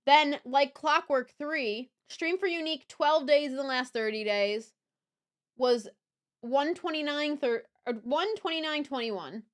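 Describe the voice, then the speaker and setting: A woman's voice: high-pitched, measured pace. A young woman streaming live, chatting casually and rambling with chat, swearing and laughing easily.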